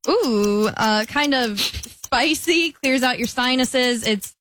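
A woman's voice: sits high, a bit bright, a little hiss or hum. A woman contestant giving clues in a timed word game, hesitant with many ums. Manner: hesitant, lots of ums, quick when explaining. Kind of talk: describing clue words in a timed game.

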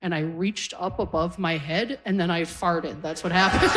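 This middle-aged woman has a fairly low, slightly bright voice and is doing stand-up. Her set is storytelling about family, with the people in it acted out in quotes, over audience laughter.

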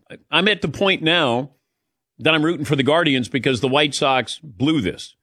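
A man hosts a casual talk show in a dry, close studio sound, his pitch swinging widely as he tells stories. He laughs often and acts out the people in his anecdotes. His delivery stays chatty and relaxed. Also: moderate pace, dry recording. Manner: storytelling, animated, laughs often. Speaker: sports talk show host. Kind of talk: casual radio show chat.

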